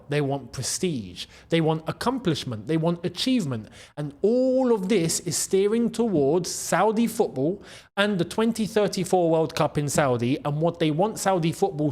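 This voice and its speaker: A male football channel host, talking casually to his audience, excitable and animated, repeating phrases and breaking into laughs. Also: on the high side. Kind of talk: casual football commentary to camera. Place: in the Gulf region.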